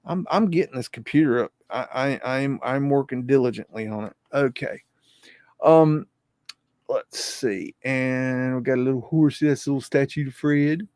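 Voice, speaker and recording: A man hosting a livestream, talking in an excitable, profane, rambling way. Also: mid-range voice, moderate pace, no room sound, clean studio sound. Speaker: livestream host. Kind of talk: casual livestream commentary.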